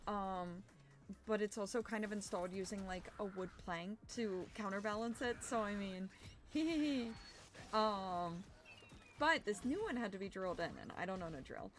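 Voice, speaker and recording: A young adult woman streamer chatting casually while gaming, rambling with fillers and sounding a little hoarse as her voice recovers. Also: mid-range voice, normal speed, faint music behind. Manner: animated greetings to chat. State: slightly hoarse from overuse, recovering.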